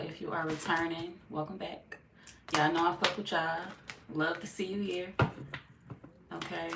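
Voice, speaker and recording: A woman hosts a tarot live stream, her low voice a little hoarse and loose with slang and swearing. She sits back from the mic in an echoey room, with a faint hiss underneath. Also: recorded from a distance. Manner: casual, greets viewers by name, swears freely. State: slightly hoarse, feels she is losing her voice. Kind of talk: casual live-stream chat and tarot reading.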